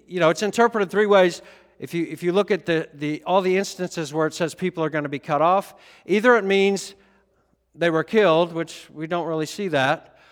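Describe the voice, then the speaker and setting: Male preacher, sermon delivery, animated and emphatic, high voice, long hall reverb. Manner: animated, swinging from quiet to emphatic. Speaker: pastor.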